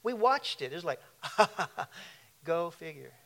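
A man preaching a sermon, animated and conversational, dropping to a hush and rising again, with laughing asides. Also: on the high side, slow, gravelly. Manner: animated, laughing asides, shifts between loud and hushed. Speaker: pastor.

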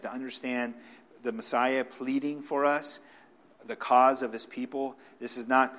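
A man delivers a sermon at a middle pitch, talking it through without a script. He stumbles into restarts and fillers, then lands hard on key words before dropping to quiet asides. Plain and direct, a preacher working through his point out loud. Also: steady tone, measured pace. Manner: swings between loud emphatic stresses and quiet asides.

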